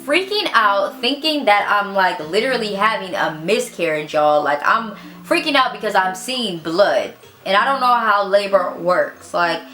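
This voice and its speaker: A young woman tells a personal story in a loose, chatty way, leaning on "like" and "girl". She slips into the voices of the people she quotes, and her words bounce around a roomy, echoey space. Her pitch sits in the middle of the range. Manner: animated, acts out the voices of others in quotes. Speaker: vlogger telling her birth story. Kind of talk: casual storytime chat.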